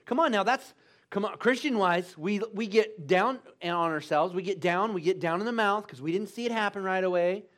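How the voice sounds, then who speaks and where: A man's voice: high-pitched, moderate pace, fairly bright tone. A man preaching a sermon in a church, emphatic and full of call-and-response urging.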